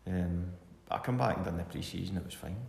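A man's voice: deep voice, quick pace, gravelly, a little mellow. A middle-aged Scottish man, a former footballer, telling rambling anecdotes in a casual interview and chuckling now and then. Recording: echoey room with long reverb, faint hiss.

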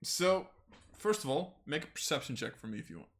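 A man narrating a tabletop game as game master, animated and laughing often. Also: a little high, brisk.

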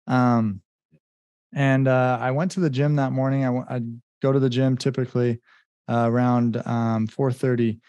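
A man's voice: mid-range voice, steady tone, normal speed, warm tone, no room sound, studio quality. A man, a business coach and guest, telling his story in a rambling casual way with many fillers and acted-out quotes. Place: home in Mexico.

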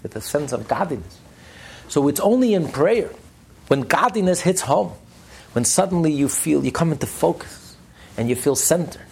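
A man lecturing a study class, animated and emphatic, repeating phrases for stress. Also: medium pitch, creaky, a little hiss or hum. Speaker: Torah class teacher.

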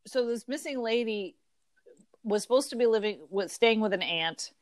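Chatty podcast lady, kinda high voice, dry close mic, laughs at herself a lot. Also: expressive, dry recording. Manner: chatty, self-deprecating, quick to laugh. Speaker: podcast co-host. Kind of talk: casual chat.

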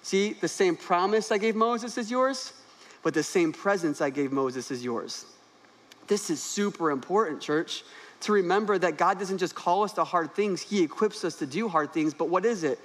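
Young male pastor, high-pitched, energetic, humorous preacher on stage. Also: moderate pace. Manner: animated, humorous preaching with rising emphasis. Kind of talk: sermon. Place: church stage.

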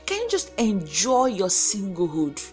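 A woman's voice: medium pitch, huge pitch swings, measured pace, soft background music. A woman with a Nigerian accent giving a preachy motivational faith talk to her viewers, acting out quoted voices as she goes. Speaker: motivational vlogger.

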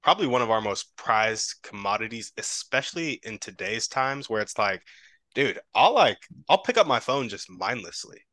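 A man's voice: lowish voice, big pitch swings, moderate pace, pushed and bright, no room sound. A man hosting a podcast, affirming his guest and asking long, thoughtful questions. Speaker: podcast host. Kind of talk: interview questions.

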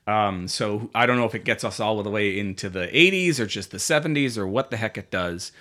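A man's voice: lowish voice, lively intonation, fairly quick, sharp tone. Rambling man in casual chat. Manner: rambling, restarts often, swears casually. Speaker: podcast co-host.

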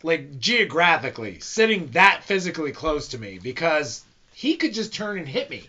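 A man co-hosting a casual comedic podcast, teasing his partner with wry, deadpan jabs. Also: a little high, normal speed. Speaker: podcast co-host. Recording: dull lo-fi audio.

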